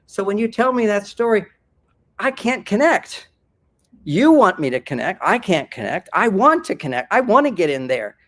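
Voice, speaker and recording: A man giving a seminar talk to a live audience as a workshop speaker, animated and acting out example dialogues. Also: high-pitched, moderate pace.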